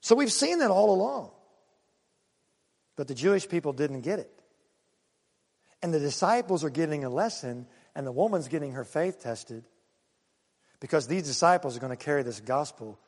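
A man preaching a sermon, animated and full of rhetorical questions and acted-out asides to the congregation. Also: fairly high pitch, moderate pace, creaky, long pauses, breathy edge, long reverb tail. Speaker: pastor.

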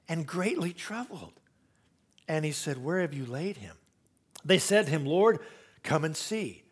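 A pastor preaches a sermon, telling stories and acting out quotes. He swings between loud, rising emphasis and very soft, low tones, with a breathy edge to his voice.

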